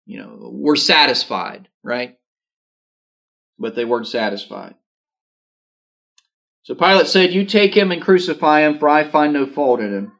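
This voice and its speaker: A man with a slightly raised voice delivers a sermon. He reads scripture aloud and then drops into relaxed, conversational asides to explain it. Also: fairly high pitch, moderate pace, pauses often. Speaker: pastor. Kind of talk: sermon reading scripture with commentary.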